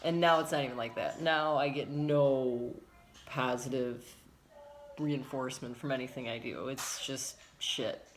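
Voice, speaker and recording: A woman's voice: extremely low pitch, steady tone, unhurried, slight background noise. A woman talking frankly and at length in a personal vlog, rambling, repeating herself for emphasis, and swearing now and then. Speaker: vlogger.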